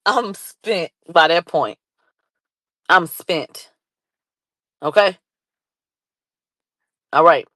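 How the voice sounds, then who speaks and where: Excitable woman vlogger with a dry sound. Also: lowish voice, drawn-out words, pauses often, no room sound. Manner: animated, shouts and laughs, reads chat aloud. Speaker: commentary vlogger. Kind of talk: excited live commentary.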